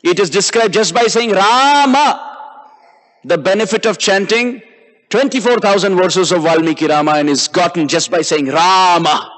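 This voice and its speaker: A man's voice: high voice, moderate pace, a bit bright. A man giving a devotional sermon as a visiting preacher in a temple hall, chanting verses and drawing out syllables.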